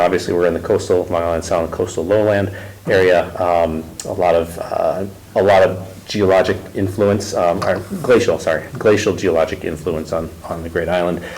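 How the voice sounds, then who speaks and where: A man giving a presentation at a town meeting, halting, with many ums and restarts. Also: low voice, darkish tone, slight background noise, rough recording. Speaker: ecological consultant presenting.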